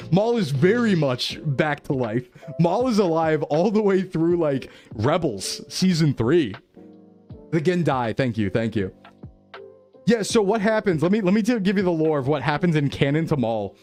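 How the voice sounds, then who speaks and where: Male VTuber streamer, casual chat with viewers, enthusiastic rambling, lots of fillers, slightly higher voice, faint music behind. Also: darkish tone. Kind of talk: casual live-stream chat, answering chat messages.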